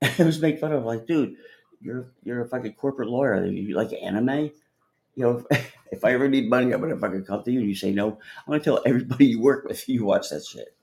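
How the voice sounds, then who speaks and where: A man hosts a livestream, chatting loosely with his viewers, rambling, cursing, and laughing a lot. His voice sits at a medium pitch and sounds a little mellow.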